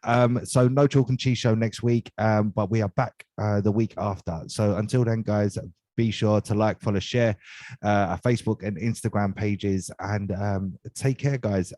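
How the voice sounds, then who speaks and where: A man with an English accent co-hosts a casual talk show, full of cheeky jokes. His voice is low and mellow. The sound is close and dry. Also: measured pace, dry recording. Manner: jokey, cheeky, friendly. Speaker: co-host. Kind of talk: casual podcast chat.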